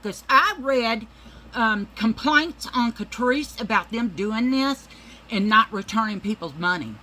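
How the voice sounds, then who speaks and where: A woman's voice: mid-range voice, a little slow, sharp tone, a little hiss or hum, low-quality recording. A woman ranting to camera in a casual vlog, heated, profane and confrontational. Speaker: vlogger.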